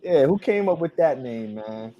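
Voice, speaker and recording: A man's voice: medium pitch, very animated, normal speed, warm tone. A man co-hosting a sports podcast, chatting casually about football picks, rambling with frequent restarts. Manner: rambling, restarts often, trails off with ums. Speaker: podcast co-host.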